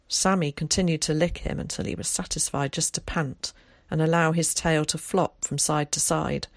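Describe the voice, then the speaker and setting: Low-voiced woman narrating a storybook. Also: steady tone, moderate pace, no echo, clean studio sound. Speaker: audiobook narrator. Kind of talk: scripted audiobook narration.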